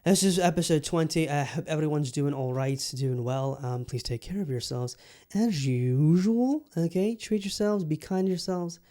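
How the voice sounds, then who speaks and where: A man's voice: on the high side, moderate pace, dark tone. A man hosting his own podcast, chatting casually and rambling with lots of fillers and casual swearing. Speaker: podcast host. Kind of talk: casual solo podcast chat.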